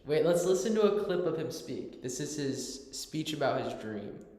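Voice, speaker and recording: A man taking part in a relaxed philosophical conversation, offering thoughtful observations. His voice sounds roomy, with a long reverb trailing after his words. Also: fairly high pitch, moderate pace. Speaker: discussion participant. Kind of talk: casual philosophical discussion.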